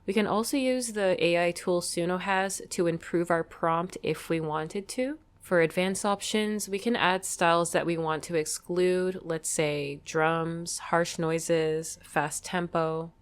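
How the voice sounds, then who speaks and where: Tutorial host: woman, lowish voice, calm step-by-step explainer. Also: measured pace, hardly any pauses, clean tone. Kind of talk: screen-recorded software tutorial.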